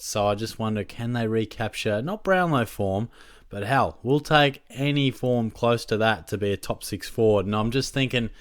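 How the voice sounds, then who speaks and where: A man's voice: fairly low pitch, a bit bright, smooth, no echo, studio quality. A young Australian man chatting casually to his viewers, rambling through a story and laughing mid-sentence. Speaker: fantasy football channel host. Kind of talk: casual chat to camera.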